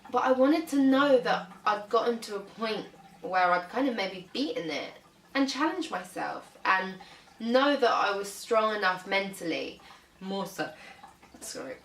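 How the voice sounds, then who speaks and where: A woman's voice: mid-range voice, animated, measured pace, reverberant, recorded from a distance, poor audio. A young British woman vlogging casually about her fitness, chatty, with lots of "um" and "like". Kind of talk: casual vlog talk.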